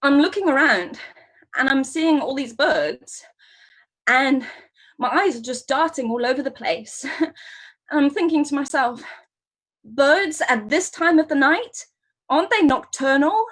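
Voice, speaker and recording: A woman on a video call playing a scatterbrained, excitable woman who is failing her bird science course, rambling and flustered in an improvised comedy scene. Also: high voice, a little slow, long pauses. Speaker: improv performer. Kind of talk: improvised first-person storytelling.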